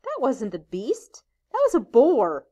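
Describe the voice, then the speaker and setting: A woman's voice: fairly high pitch, huge pitch swings, measured pace, pitched above the performer's own voice, full character voice. A woman reading aloud and voicing a bossy, aggressive schoolboy who leads the hunters and barks orders. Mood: brusque, scornful. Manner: commanding, shouting orders.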